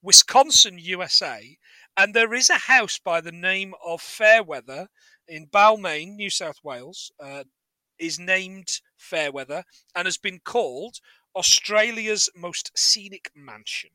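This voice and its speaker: A man's voice: high voice, lively intonation, unhurried, bright, forceful tone, dry recording. A man co-hosting a casual film podcast, chatty, laughing often and swearing casually. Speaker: podcast co-host.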